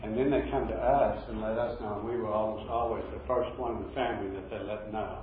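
A man preaching a sermon in a relaxed, conversational way, telling a story and acting out what people said. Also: fairly low pitch, fairly quick, far from the mic, a little hiss or hum. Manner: conversational, retells with acted quotes. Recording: very echoey, dull-sounding room recording.

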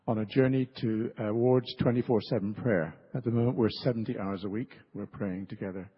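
An older man, leading a ministry and giving a relaxed church talk with light humor while directing volunteers. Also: on the low side, breathy edge. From England. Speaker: ministry leader. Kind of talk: church talk with a live demonstration. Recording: dull recording in a reverberant hall.

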